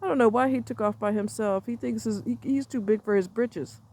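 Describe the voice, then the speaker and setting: A woman's voice: on the high side, fairly quick, a little mellow. Blunt, chatty woman telling a story. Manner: blunt, salty and chatty, with frequent asides. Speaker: vlogger. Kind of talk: casual storytelling chat. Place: outdoors near a road, walking a dog.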